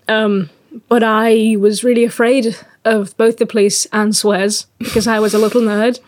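Woman podcast co-host, light higher voice, laughing storyteller, casual chat. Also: flat delivery, a little slow, a little mellow, no room sound, clean studio sound. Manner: chatty storyteller, laughs often.

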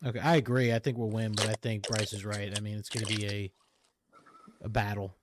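A man's voice: fairly low pitch, fairly quick. Man with a noisy call line. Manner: relaxed, rambling with fillers. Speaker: podcast co-host. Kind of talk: casual sports chat. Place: home setup on a call.

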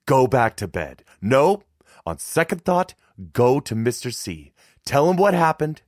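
A man's voice: medium pitch, expressive, measured pace, slightly rough, no echo, clean studio sound, voice pushed up. A man voicing a worried, commanding furred mother who barks urgent orders at her sons. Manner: urgent, protective, sharp when barking orders.

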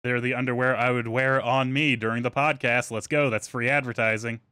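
Man, podcast host, casual chat, joking, middle pitch, dry close mic. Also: flat delivery, a little fast, pushed and bright, clear, resonant tone, no echo. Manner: joking, wraps up plainly.

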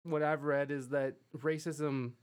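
A man's voice: fairly high pitch, little pitch movement, a little slow, smooth. A male host in a casual interview, talking in a rambling, profane way with many fillers and restarts. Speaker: podcast host.

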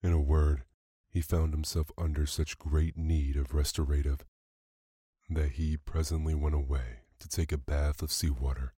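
A man narrating a classic short story for a sleep podcast in a calm, even storytelling manner. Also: very deep voice, normal speed, slightly rough, no echo, clean studio sound. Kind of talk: bedtime story reading.

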